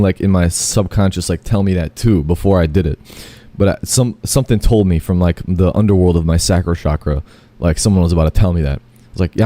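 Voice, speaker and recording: Guy with a deep mellow voice telling a wandering story, lots of um and like, swears a bunch, dry sound. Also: no room sound. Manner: meandering, lots of fillers and self-corrections, swears casually. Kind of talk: rambling first-person storytelling.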